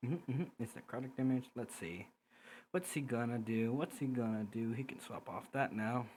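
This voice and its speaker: A man's voice: mid-range voice, moderate pace, a little mellow, a little hiss or hum. Man running a tabletop game, rambling. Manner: rambling, laughing narration full of fillers. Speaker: game master. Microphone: computer headset or desk mic on a voice call.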